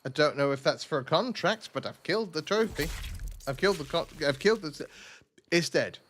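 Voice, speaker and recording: A man from southeast England casually commenting while streaming a game, animated and self-mocking, with a faint trace of a lisp on his S sounds. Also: fairly high pitch, fairly quick, a little hiss or hum.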